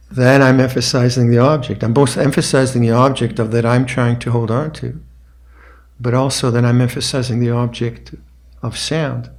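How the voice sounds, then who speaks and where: An older man, a meditation teacher, giving a reflective dharma talk on a retreat, speaking slowly with pauses and restarts. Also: mid-range voice, a little mellow.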